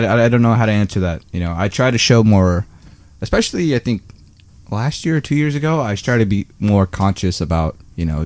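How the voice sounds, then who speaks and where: A man's voice: low voice, a little mellow, dry recording. A young man co-hosting a casual podcast. He speaks reflectively and hesitantly, with frequent "you know"s and restarts. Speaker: podcast co-host.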